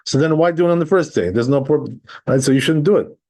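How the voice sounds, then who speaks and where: Rabbi teaching, mellow voice, keeps asking "right?". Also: male voice, a little high, quick pace. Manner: explains step by step, often checking with "right?"; reads Hebrew and Aramaic text, then translates. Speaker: rabbi teaching a text class. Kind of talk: conversational Torah class.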